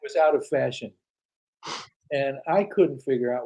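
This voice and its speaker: A man's voice: mid-range voice, unhurried, a little mellow, lo-fi sound. An older man telling anecdotes as an interview guest, acting out quoted dialogue with frequent restarts. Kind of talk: casual storytelling interview.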